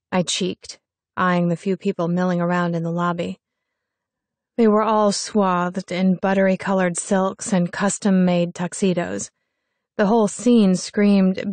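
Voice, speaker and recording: A young woman narrating a first-person story in an expressive, wry reading style. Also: lowish voice, a little slow, dry recording. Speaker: audiobook narrator.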